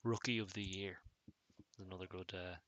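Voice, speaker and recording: A man casually commentating on his own chess game, thinking aloud in a relaxed, musing way. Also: deep voice, brisk, dry recording, dull audio. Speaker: chess streamer.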